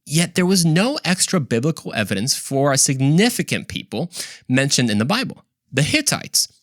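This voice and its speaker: A man's voice: fairly high pitch, big pitch swings, moderate pace, no room sound, clean studio sound. A man hosting his own show, telling history in a casual storytelling monologue, chatty and self-correcting with frequent asides. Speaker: host.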